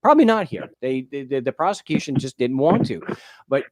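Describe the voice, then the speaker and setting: A man hosting a call-in talk show, encouraging his caller and thinking aloud with halting restarts. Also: mid-range voice, big pitch swings, darkish tone, no room sound, studio quality. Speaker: show host.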